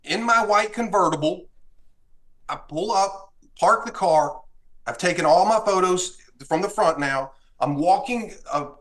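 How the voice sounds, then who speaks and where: A man from Texas, a guest on a podcast, telling a story with feeling and acting out what was said. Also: on the high side. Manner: animated, acts out dialogue in the story. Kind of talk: casual storytelling.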